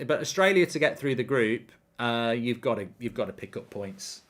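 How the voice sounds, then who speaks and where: A man's voice: medium pitch, expressive, quick pace, few pauses, fairly bright tone. Brief: male host chatting through a live match watchalong, loose and rambling. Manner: chatty, rambling, lots of ums. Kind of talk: live football watchalong commentary.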